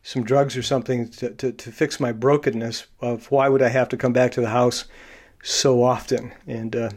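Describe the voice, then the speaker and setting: Pria pembawa podcast yang banyak jeda. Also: male voice, mid-range voice, little pitch movement. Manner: halting, many fillers and restarts; explains behavior traits in a coaching tone. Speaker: podcast host. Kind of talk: casual interview.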